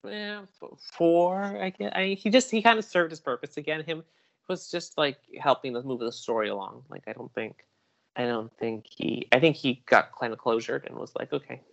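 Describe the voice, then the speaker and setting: A man who is a podcast guest in casual chat, excitable and rambling with frequent restarts. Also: on the high side, moderate pace, gravelly, dull audio.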